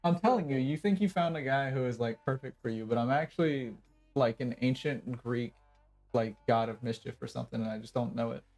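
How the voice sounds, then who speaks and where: A man's voice: medium pitch, brisk, darkish tone, faint music behind. A young adult man streaming a game, chatting casually in a rambling, joking, self-mocking way. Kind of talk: casual gaming commentary.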